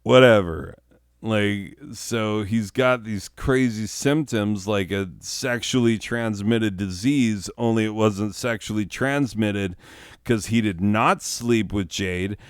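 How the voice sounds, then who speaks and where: A man's voice: fairly low pitch, slow, clean tone, no echo, studio quality. A man playing a petty, boastful teenage boy witch in a comedic character monologue, rambling with lots of fillers. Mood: smug.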